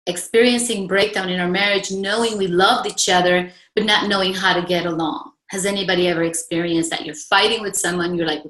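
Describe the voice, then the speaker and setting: A woman's voice: on the low side, fairly even intonation, fairly quick, hardly any pauses, fairly bright tone, echoey room, poor audio. A middle-aged woman coach telling a personal story to an audience, asking them questions as she goes. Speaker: relationship coach.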